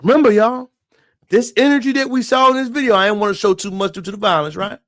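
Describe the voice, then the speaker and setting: A man who moved to Texas from elsewhere gives impassioned live-stream commentary, emphatic and preachy, and keeps addressing his viewers as y'all. His voice is high, bright, and fairly quick.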